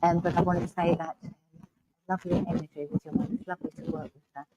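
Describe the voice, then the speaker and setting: A woman's voice: on the low side, flat delivery, fast, lo-fi sound. A woman working as a medium, giving a reassuring reading to the congregation in a village hall. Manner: warm, reassuring, checks in with "all right?". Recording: loud background noise.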